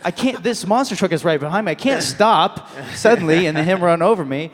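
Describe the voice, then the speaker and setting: A man entertains a convention crowd with a comic story, slipping into voices and laughing along the way. His voice sits a little high for a man. The sound carries the long reverb of a large hall. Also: expressive, brisk. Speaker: convention panel guest. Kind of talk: comic anecdote to a live audience.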